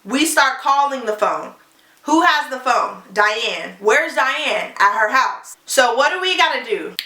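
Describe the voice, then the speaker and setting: A young woman telling a storytime on her vlog, animated and profane, acting out the quotes of the people in the story. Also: high-pitched, a little slow, roomy sound. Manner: animated, profane, fired-up retelling with acted quotes. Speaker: beauty vlogger.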